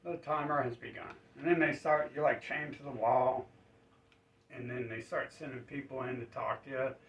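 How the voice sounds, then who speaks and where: A man's voice: mid-range voice, steady tone, normal speed. A man telling a rambling comic story full of fillers. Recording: roomy, distant, dull sound.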